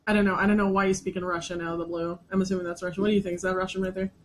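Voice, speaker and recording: A woman's voice: medium pitch, little pitch movement, rapid-fire. A woman co-hosting a casual live stream, teasing her partner with giggly banter. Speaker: co-host. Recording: faint ambient noise.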